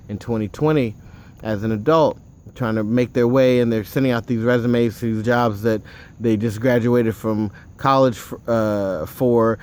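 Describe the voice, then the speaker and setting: A man's voice: mid-range voice, a little mellow, clear, resonant tone. A man telling a personal story in a casual monologue, rambling and digressive, with frequent asides and the odd curse. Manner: offhand, with occasional swearing.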